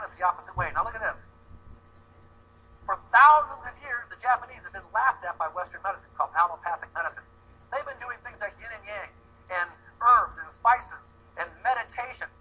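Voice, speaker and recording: A man giving an animated, joking sales presentation to a live audience, putting questions to them. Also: high-pitched, breathy edge, low-quality recording. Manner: animated and joking, acts out quick voices.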